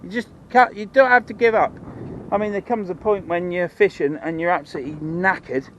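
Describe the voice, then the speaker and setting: A man's voice: high voice, fairly even intonation, a little fast, fairly bright tone, muffled recording, a little hiss or hum. A man with a Norfolk accent, chatting casually to camera while fishing outdoors, rambling in broad dialect. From Norfolk, England. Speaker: fishing vlogger. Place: outdoors by the water.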